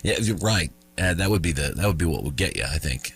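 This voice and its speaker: Husky-voiced man hosting joking radio chat. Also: rumbling low, lively intonation, fast talker. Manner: joking, chuckles at his own lines. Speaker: radio show host. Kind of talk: morning radio chat and news.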